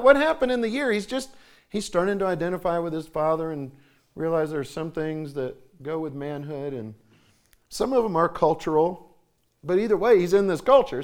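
A man in his forties from the United States, talking casually about parenting, with many restarts and clearings of his throat. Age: 40s. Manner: conversational storytelling, acts out quoted voices with sharp pitch jumps.

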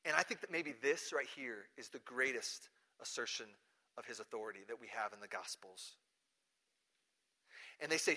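A male pastor preaching a sermon, animated, acting out the people in the story as he goes. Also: medium pitch, normal speed.

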